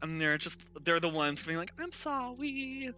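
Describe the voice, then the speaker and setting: A game master narrating a tabletop game who talks haltingly with lots of fillers and frequent giggles. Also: medium pitch, little pitch movement, sharp tone.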